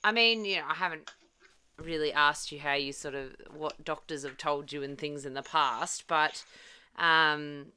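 Bright, smooth-voiced woman host. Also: deep voice, unhurried. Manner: chatty, supportive, rambling questions. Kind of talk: casual chat.

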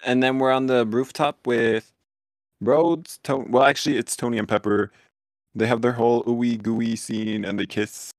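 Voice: mid-range voice, fairly even intonation, moderate pace, dry recording, studio quality. A co-host chatting casually on a podcast, easygoing and playful, laughing often. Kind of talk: casual chat.

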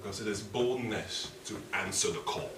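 A man preaching a sermon with passion, rising to high, emotional pleas. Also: steady tone, moderate pace, background noise. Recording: echoey room from a distance.

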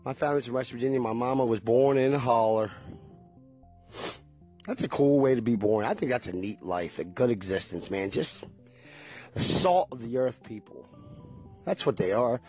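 A man's voice: mid-range voice, normal speed, long pauses, darkish tone, husky, faint music behind. A middle-aged man rambling in a folksy, chatty way, talking straight to his viewers in a casual monologue. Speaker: vlogger.

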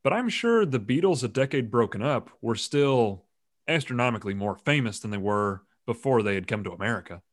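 A man's voice: medium pitch, animated, fairly quick. A man hosting a casual podcast chat, rambling and joking, often laughing mid-sentence. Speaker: podcast host.

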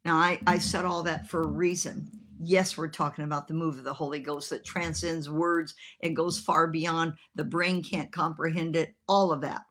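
A woman preaching a sermon, telling a story with animated, humorous acted-out voices. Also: sits low, normal speed, few pauses.

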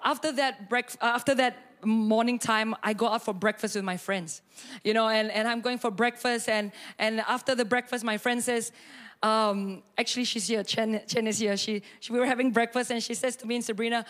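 A middle-aged woman pastor tells a personal story from the pulpit. Her voice sits slightly high and leaps up when she acts out what people said. She talks in a lively, expressive way. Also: normal speed. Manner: animated storytelling, acts out quotes with sudden high bursts and laughter.

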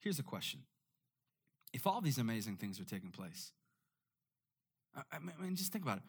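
A man preaching a sermon in an animated way, often repeating words when making a point. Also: medium pitch, moderate pace, creaky, slightly rough. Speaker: pastor.

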